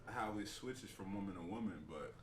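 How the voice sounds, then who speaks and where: A man's voice: low-pitched, moderate pace, far from the mic, a crowd in the background. A young man co-hosting a podcast, telling stories in a laid-back, slangy way. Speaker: podcast co-host. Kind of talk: casual chat. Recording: roomy echo, from off mic.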